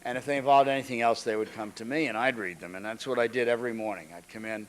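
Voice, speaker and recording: An older man giving an anecdotal lecture, halting often, restarting phrases and clearing his throat. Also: mid-range voice, steady tone, slight background noise. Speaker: guest lecturer. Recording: archival lecture recording.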